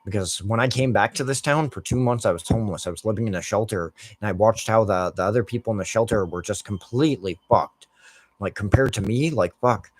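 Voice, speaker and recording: Profane ranting low-voiced American man. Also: fairly quick. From United States. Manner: heavily profane, heated ranting. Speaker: gaming streamer. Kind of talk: rambling commentary over gameplay.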